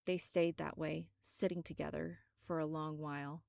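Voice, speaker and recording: A woman reading her own story aloud as audiobook narration, steady and dramatic. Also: sits low, moderate pace, vocal fry, dry recording, clean studio sound.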